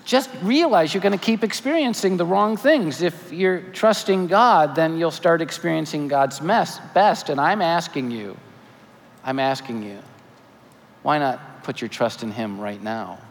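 A man in his forties preaching a sermon as pastor, animated with joking asides and earnest appeals. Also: a little high, measured pace, gravelly, hardly any pauses. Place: church sanctuary. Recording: church hall reverb, faint ambience.

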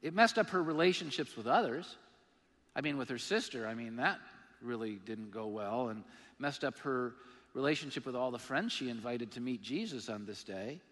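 A male pastor preaching a sermon, emphatic and animated, with self-deprecating humor. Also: medium pitch, normal speed. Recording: long reverb of a large hall.

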